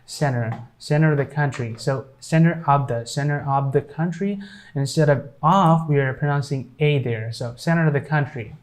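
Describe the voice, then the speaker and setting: A man teaching English pronunciation, spelling out words letter by letter with many pauses and fillers. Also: fairly high pitch. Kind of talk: slow explanatory lesson.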